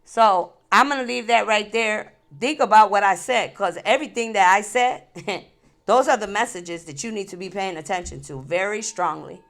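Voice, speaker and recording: A woman's voice: mid-range voice, moderate pace, a bit bright. A woman hosting a spiritual vlog, talking straight to her viewers, laughing between thoughts and repeating herself, tearful and angry. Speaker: spiritual channel host. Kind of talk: emotional direct-to-camera vlog.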